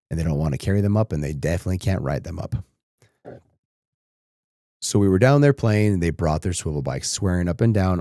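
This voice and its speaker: A podcast host in his thirties tells a personal story reflectively, growing emotional and tearful as he goes. His deep, warm voice is captured in a dry, clean studio recording.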